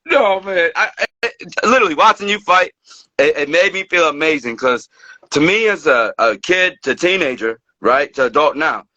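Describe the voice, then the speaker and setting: A man's voice: on the high side, animated, normal speed, sharp tone, dry recording, highs cut off. A man interviewing a hockey player in casual chat, enthusiastic like a fan.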